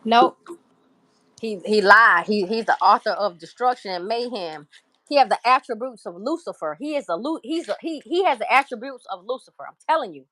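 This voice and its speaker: A woman's voice: on the high side, lively intonation, fairly quick, bright, forceful tone, no echo. A woman hosting a livestream in casual chat, talking bluntly, emphatically and with profanity. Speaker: livestream host.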